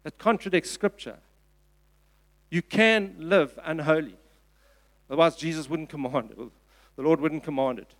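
Earnest South African male pastor, repeats himself for emphasis, slightly high voice. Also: moderate pace, long pauses, a bit bright. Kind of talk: sermon. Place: church.

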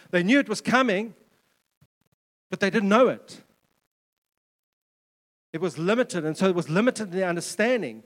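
A man's voice: sits high, a bit bright, long reverb tail. A man preaching a sermon in a conversational way, with joking asides and repeated words. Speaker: pastor.

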